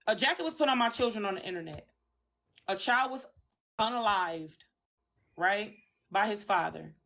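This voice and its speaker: A woman's voice: a little high, bright, forceful tone. A woman on a phone live stream, arguing her side bluntly and emphatically with lots of swearing. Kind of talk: heated livestream argument.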